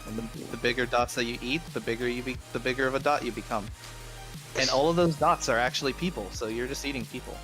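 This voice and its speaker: A man's voice: mid-range voice, quick pace, fairly bright tone. A young man in casual chat on a game stream, rambling and playful. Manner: rambling, playful, trying out accents. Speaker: stream guest. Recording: game music playing behind.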